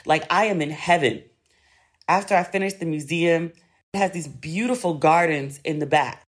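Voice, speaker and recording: A woman hosting a podcast, telling a story in a chatty, expressive way and swearing freely. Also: sits low, moderate pace. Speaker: podcast host. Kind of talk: casual storytelling monologue.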